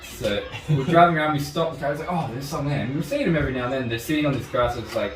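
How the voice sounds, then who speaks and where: A young man, a guest who instructs martial arts, rambles through a story in casual conversation, swearing freely and laughing often. His mid-range voice moves very fast, and the roomy recording has a distant mic and background noise.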